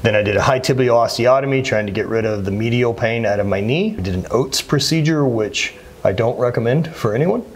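Husky plainspoken man in his thirties. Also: mid-range voice, animated, brisk. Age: 30s. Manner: plainspoken, earnest, with frequent restarts. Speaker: interview guest, former athlete. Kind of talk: candid conversational interview.

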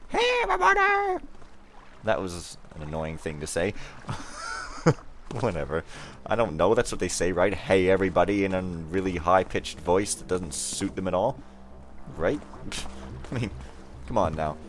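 Deep-voiced rambling let's play guy. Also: a little slow. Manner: rambling, self-mocking, jokey asides. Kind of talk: casual gameplay commentary.

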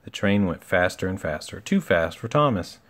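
A man reading a children's picture book aloud in a relaxed, homely way, with small slips and asides. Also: low voice, normal speed. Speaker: storybook reader.

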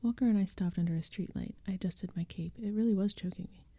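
Whispered role-play reader: woman, husky, warm whisper, close mic. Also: mid-range voice, fast, dry recording. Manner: soft, breathy whispered reading. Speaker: ASMR storyteller.

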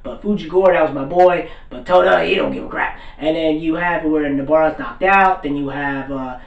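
A man's voice: on the high side, normal speed, vocal fry, muffled recording. A man giving a loose, slangy casual recap of an anime episode and acting out the characters' lines as he goes. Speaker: anime reviewer. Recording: roomy, mic at a distance.

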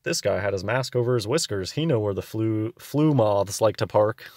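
Low-voiced young man, casual musing. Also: lively intonation, measured pace, long pauses, a little mellow, no echo, studio quality. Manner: rambling, musing, reads old text aloud. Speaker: video host. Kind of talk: casual commentary on old clippings.

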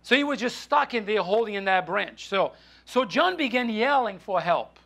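A man preaching a sermon in a church, halting with frequent restarts and fillers. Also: high voice, lively intonation, vocal fry, a bit bright. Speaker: pastor. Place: church sanctuary.

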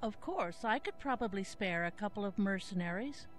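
A woman's voice: medium pitch, expressive, moderate pace, faint music behind, close to an everyday voice. A woman voicing a gracious noblewoman ruler in a video game, speaking formally. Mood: courtly. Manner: formal, courtly.

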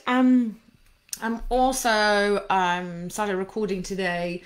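A woman's voice: medium pitch, normal speed, a bit bright. Bubbly woman chatting live with viewers. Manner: bubbly, effusive, reacts to viewer comments; rambling with many fillers. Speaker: anxiety coach hosting a live session. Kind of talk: casual live-stream chat with viewers.

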